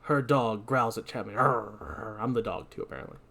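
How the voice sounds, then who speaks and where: A man hosting a podcast, recapping a movie scene by scene with animated storytelling and self-deprecating asides. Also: mid-range voice, fast talker. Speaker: podcast host.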